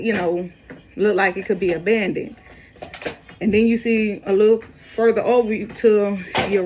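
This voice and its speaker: A woman telling a personal story in a loose, rambling way, jumping up in pitch when she quotes people. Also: lo-fi sound, background noise. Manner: casual, rambling, quoting others with raised pitch. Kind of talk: casual storytelling.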